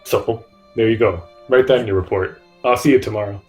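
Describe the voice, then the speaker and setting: A man's voice: on the low side, a little fast, darkish tone, soft background music, low-quality recording. Stammering man playing a tabletop game. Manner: stammering, restarts sentences. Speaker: player. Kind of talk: in-character tabletop role-play.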